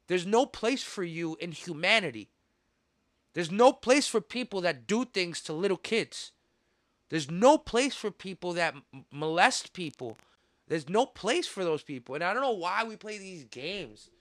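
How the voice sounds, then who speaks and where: A man hosting a podcast, ranting in a heated, profane way with sudden loud outbursts. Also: high voice, expressive, measured pace, no room sound, studio quality. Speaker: podcast host. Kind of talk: casual podcast rant.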